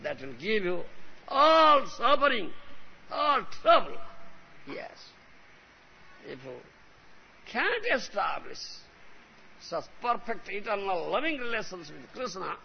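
A man gives an emphatic devotional sermon. He constantly checks in with his listeners. His high, gravelly voice swings widely in pitch, heard on a dull recording with a faint hiss. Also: sing-song, a little slow, pauses often. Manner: emphatic, frequently asks "huh?" and "you understand?". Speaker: spiritual teacher.

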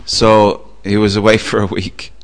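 A man preaching a sermon, telling a story with a relaxed, anecdotal manner and frequent pauses. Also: lowish voice. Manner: anecdotal, with fillers. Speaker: religious preacher.

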